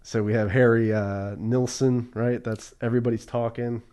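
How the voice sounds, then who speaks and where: A man co-hosting a casual podcast about film music, relaxed and quick to laugh, trailing off softly with lots of "like" fillers. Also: medium pitch, clear, resonant tone. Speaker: podcast co-host. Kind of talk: casual film soundtrack chat.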